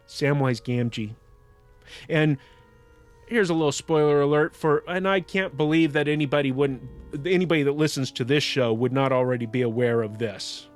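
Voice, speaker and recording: A man's voice: fairly high pitch, normal speed, faint music behind. A man hosting a podcast, reflecting on a book in casual commentary with frequent restarts. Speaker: podcast host.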